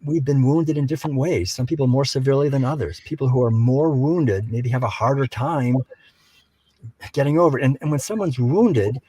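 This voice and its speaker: An older man speaking as a guest in a reflective conversation, gentle and unhurried, telling stories with frequent restarts. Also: mid-range voice, slightly rough, no room sound, poor audio.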